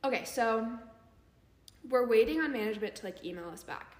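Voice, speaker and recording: A woman's voice: on the high side, lively intonation, brisk. A young woman co-hosting a podcast, telling a story in casual chat and filling her talk with "like". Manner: chatty, heavy use of "like" fillers. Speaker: podcast co-host. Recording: echoey room with long reverb.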